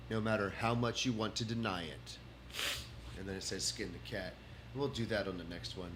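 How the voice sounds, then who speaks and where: A man's voice: fairly low pitch, a bit bright. Texas guy rambling thru his notes on a stream, keeps restarting, bit of hum behind. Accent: Texan. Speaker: comedian doing a livestream. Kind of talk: casual rambling monologue.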